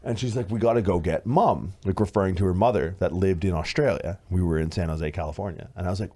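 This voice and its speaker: A man in his thirties co-hosting a podcast, telling a story in casual chat, animated and swearing, acting out what others said. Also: low voice, fast, hardly any pauses. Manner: animated, swearing, acts out quoted voices loudly. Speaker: podcast co-host.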